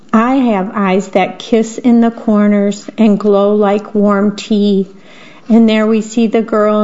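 A woman's voice: medium pitch, darkish tone. A woman reading picture books aloud and describing the pictures between the lines. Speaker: reader. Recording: dull lo-fi recording.

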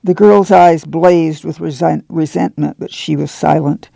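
A man reads a novel aloud for radio with a gravelly, mellow voice. His delivery is steady and plain, and the dialogue gets a folksy touch. The sound is close and dry. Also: on the high side, a little slow, no room sound. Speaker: volunteer reader.

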